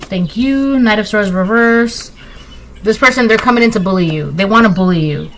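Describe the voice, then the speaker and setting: A woman gives a casual tarot reading at normal speed in a medium-pitched voice, with poor audio and slight background noise. She speaks emphatically and repeats herself, often closing lines with a rhetorical "right?".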